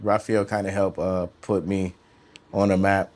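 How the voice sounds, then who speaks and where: A man's voice: deep voice, level tone, measured pace, a little mellow. A man, a musician guest, talking about his career in casual, slangy interview chat, often trailing off and restarting. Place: studio.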